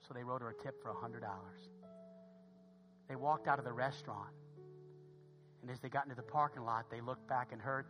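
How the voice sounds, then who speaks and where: A man's voice: mid-range voice, a little fast, pauses often, faint music behind. Impassioned man preaching a sermon. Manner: impassioned storyteller, swinging from hushed to loud. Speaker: pastor. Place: church.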